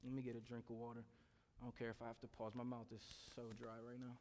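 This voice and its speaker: A man's voice: mid-range voice, monotone, quick pace, background noise. Man, mid-range voice, earnest testimony storyteller, long hall reverb. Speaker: speaker sharing a testimony. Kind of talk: personal testimony speech.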